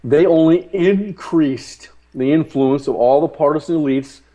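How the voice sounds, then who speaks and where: Male talk-show guest, mellow tone, halting and emphatic delivery. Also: on the high side, low-quality recording. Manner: halting, repeats words, emphatic. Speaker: guest commentator. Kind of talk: political talk show discussion.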